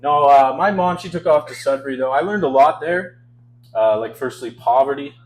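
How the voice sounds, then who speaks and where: A man's voice: mid-range voice, normal speed, a little hiss or hum, rough recording. A man in his twenties from Canada doing a stand-up set on a club stage, telling self-deprecating stories with a wry, chuckling delivery into a handheld mic. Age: 20s. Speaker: stand-up comedian.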